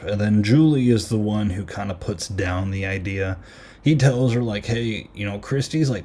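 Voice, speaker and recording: A man with a lowish, mellow voice talks through a film in a casual podcast review. He rambles loosely, piles on fillers, and retells scenes and lines as he goes. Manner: rambling, many fillers and retold quotes. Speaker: podcast host.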